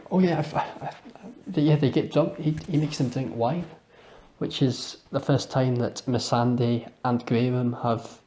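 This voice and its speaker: A man's voice: mid-range voice, a little mellow, slight background noise. A young man with a Scottish accent, reviewing a TV episode in a chatty, rambling live commentary with restarts and small laughs.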